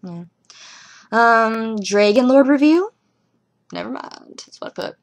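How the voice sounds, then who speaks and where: A young woman casually reviewing a TV episode at home, rambling and giggling through animated asides. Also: on the high side, slow, gravelly.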